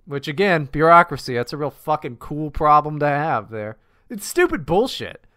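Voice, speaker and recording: Male podcast co-host, exasperated profane ranter, animated, dry sound. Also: a little high, normal speed, no echo. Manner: profane, exasperated ranting with restarts. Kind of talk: casual chat.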